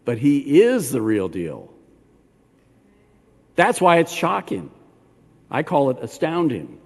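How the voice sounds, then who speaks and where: An older man, a rabbi preaching a sermon in a synagogue, animated and talking straight to the congregation with questions. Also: medium pitch, takes it slowly, creaky, husky. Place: synagogue sanctuary. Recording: long hall reverb.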